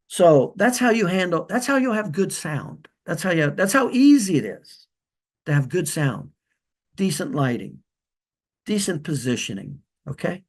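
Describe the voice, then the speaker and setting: A man who is a practice consultant, giving loose spoken training with direct instructions and frequent restarts. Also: a little high. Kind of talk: casual spoken training video. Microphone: holds a lavalier like a handheld mic.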